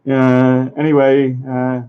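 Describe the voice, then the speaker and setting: A man's voice: mid-range voice, completely flat delivery, slow pace, smooth. A man hosting a casual live stream, rambling, chatting and talking to his viewers. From England. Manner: rambling, chatty, reads chat and addresses viewers. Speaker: livestream host. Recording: dull lo-fi stream audio.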